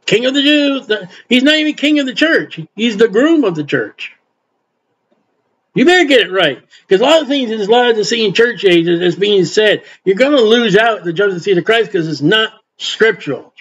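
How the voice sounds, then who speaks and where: A man's voice: high voice, lively intonation, normal speed, a bit bright, husky. An older man preaching an informal Bible sermon in a folksy way, acting out quotes and adding asides. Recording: dull lo-fi recording.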